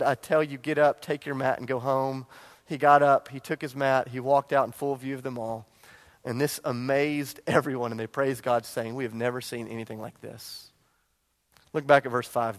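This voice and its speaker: Male pastor, higher register, lively storyteller who builds to emphatic bursts in a church sermon. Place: church sanctuary.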